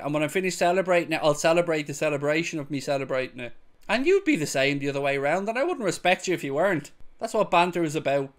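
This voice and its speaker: A young man commentates on football highlights. His pitch leaps around as he moves from sarcastic asides to whooping cheers. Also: animated, brisk. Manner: swings from sarcastic mutters to loud whooping cheers. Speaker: football fan reaction host. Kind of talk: excited match-highlights reaction commentary.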